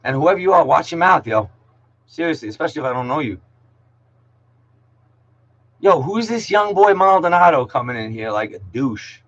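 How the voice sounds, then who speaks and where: A man's voice: on the high side, animated, normal speed, pauses often, a bit bright, muffled recording. A man, teaching an online class in a casual, jokey way, slangy, saying "yo" a lot and calling out students by name. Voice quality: slangy, peppers speech with "yo". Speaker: middle school English teacher.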